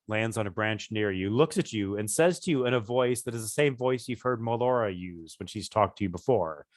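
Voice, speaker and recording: A man narrating as game master of a tabletop game, describing scenes in a deliberate, unhurried way. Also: lowish voice, no echo, studio quality.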